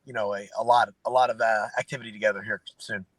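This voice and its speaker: A man's voice: lowish voice, fast talker, no echo, low-quality recording. A man in his late twenties, a guest fighter telling easygoing stories in a casual interview chat. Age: late 20s. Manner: relaxed storytelling with fillers.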